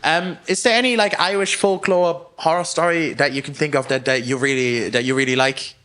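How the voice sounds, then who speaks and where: A man, from Germany, hosting a talk show and asking questions eagerly in quick bursts. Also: on the high side, steady tone, fairly bright tone. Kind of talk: casual interview chat.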